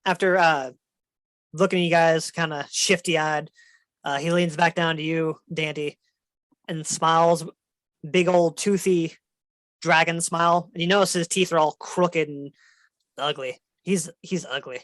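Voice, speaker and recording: A man narrating as game master of a tabletop game, relaxed and descriptive with fillers. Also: fairly high pitch, unhurried, no echo.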